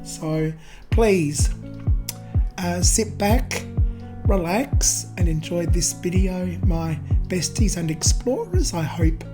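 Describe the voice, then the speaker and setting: A woman gives a casual, chatty voice-over, hoarse and raspy after losing her voice, hesitating with the odd um. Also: on the low side, lively intonation, slow. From Australia. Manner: chatty, self-deprecating, hesitant with ums. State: hoarse, nearly lost voice. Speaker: vlogger exploring abandoned houses. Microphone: voice-over recorded separately. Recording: voice-over with music bed.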